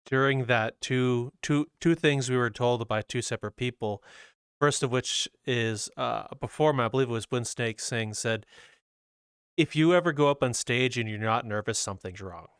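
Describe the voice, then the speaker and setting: A man's voice: mid-range voice, moderate pace, clear, resonant tone, no room sound, clean studio sound. A man hosting a podcast, chatting casually and rambling a little as he corrects himself. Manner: rambling, self-correcting, paraphrasing. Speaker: podcast host. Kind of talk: casual chat.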